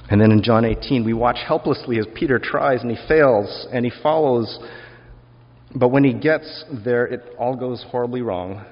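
This is a man of medium pitch preaching at a moderate pace. As a pastor, he muses conversationally and reflectively, tossing rhetorical questions to the congregation. The sermon recording is lo-fi and dull, with reverb lingering long in the hall.

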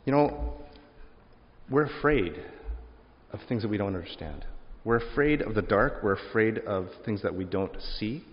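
A man's voice: fairly low pitch, expressive, a little slow. A man preaching a sermon in a conversational way, reading scripture aloud and telling stories about his family. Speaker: pastor. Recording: dull audio with long hall reverb.

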